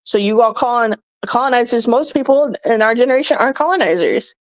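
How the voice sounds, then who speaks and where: A young woman with a fairly high voice vents straight into the camera. She scolds bluntly and swears freely, in the loose, heated flow of a commentary vlog. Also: fairly quick, no echo, poor audio. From United States. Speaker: vlogger reacting to comments. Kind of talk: ranting commentary.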